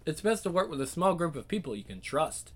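A man voicing a calm, knowing woman from a secret group who explains things with teasing endearments, in a comic reading. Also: on the high side, fairly quick. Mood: cool.

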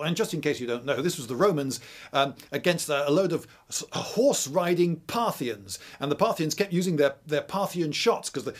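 A man with a slightly high voice talks through military history in a relaxed, rambling video lecture. He pauses often with "uh"s and slips in dry, wry asides. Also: breathy edge. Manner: chatty, digressive, dry humour, frequent "uh"s.

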